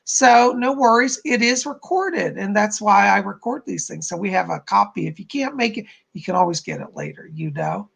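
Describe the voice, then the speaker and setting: A man's voice: high-pitched, lively intonation, moderate pace, creaky, hardly any pauses, fairly bright tone, breathy edge. A man hosting a psychic live stream, chatting casually and bubbling over as he greets viewers by name and reads their comments.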